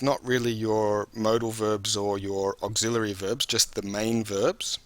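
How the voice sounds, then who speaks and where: Bright-voiced male English teacher. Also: on the low side, flat delivery, a little slow, no echo. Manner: patient, explanatory, addresses the viewer directly. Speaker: English test-prep teacher. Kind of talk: instructional video lesson.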